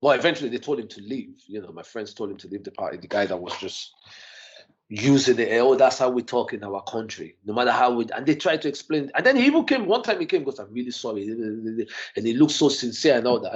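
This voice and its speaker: A man telling a story in casual chat, animated and full of restarts, his voice jumping up when he is shocked. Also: medium pitch, a little fast, lo-fi sound. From Nigeria and the UK. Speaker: podcast guest.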